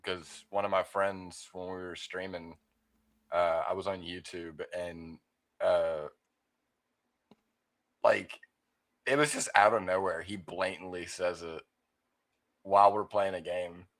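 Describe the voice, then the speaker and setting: A man's voice: sits low, steady tone, measured pace, long pauses, a bit bright. A young man on a casual voice-call panel, rambling and laughing at his own jokes. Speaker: panel guest. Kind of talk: casual chat.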